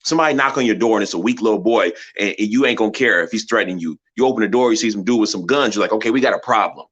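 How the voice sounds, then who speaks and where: A man's voice: lowish voice, rapid-fire, a bit bright, slightly rough, dull audio. A man hosting a sports channel, giving a passionate, preachy commentary full of rhetorical questions. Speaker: channel host.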